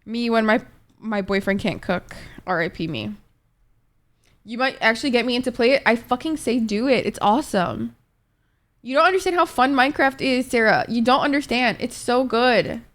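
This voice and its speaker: A woman's voice: a little high, moderate pace, fairly bright tone. A woman streaming live and chatting casually with her viewers, rambling laid-back and swearing freely as she answers chat messages. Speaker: Twitch streamer.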